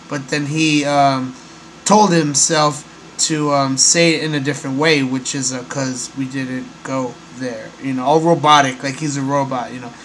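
Male host, slightly high voice, rambly and halting, faint hum behind. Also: fairly bright tone, poor audio. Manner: rambling, hesitant, many fillers. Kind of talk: casual monologue.

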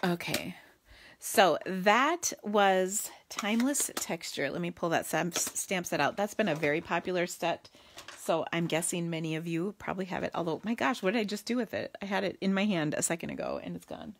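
A woman's voice: fairly low pitch, lively intonation, normal speed, slight background noise. Chatty woman demoing card crafts. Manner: chatty and goofy, talks to viewers and mutters to herself while working. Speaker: card-making demonstrator hosting a livestream. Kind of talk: casual live crafting demo.

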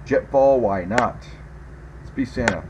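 A man giving let's play commentary as a gaming video host, excitable, yelping and groaning at every mishap. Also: medium pitch, a little slow, background noise.

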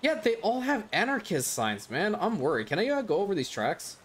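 A man's voice: high voice, wildly swooping pitch, brisk, slight background noise. A man hosting a gaming channel, chatting loosely over his gameplay with plenty of fillers and chuckles. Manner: rambling, with frequent fillers and chuckles. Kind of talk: casual gameplay commentary.

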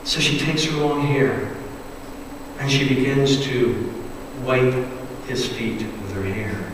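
A man preaching a sermon as pastor, retelling a story with dramatic swings between loud emphasis and hushed, quiet passages. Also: medium pitch, fairly even intonation, takes it slowly, noisy background. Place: church sanctuary. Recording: echoey church hall, distant mic.

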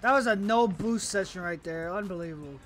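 Faint music plays behind a young gamer at his home computer as he rants over his own play. His voice sits high and moves a little fast, full of swearing and excitable outbursts that mock himself and his opponents.

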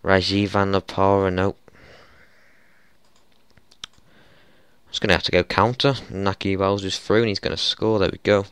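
A young man with a smooth voice commentating his football management game, frustrated and swearing, with exasperated outbursts. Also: low-pitched, level tone, a little slow, pauses often, a bit bright, no room sound. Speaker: gaming YouTuber.

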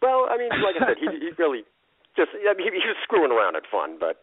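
A man telling stories as an interview guest, lively and laughing often, acting out the people he quotes. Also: on the high side, fast talker, slightly rough, no room sound. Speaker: guest, wrestling impersonator. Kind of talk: animated storytelling interview. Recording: tinny phone-quality line.

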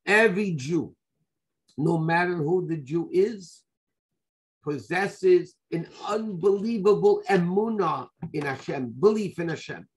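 Here a rabbi with a high voice teaches an animated Torah class at a measured pace. He narrates using rhetorical questions and sprinkles in Hebrew and Yiddish words.

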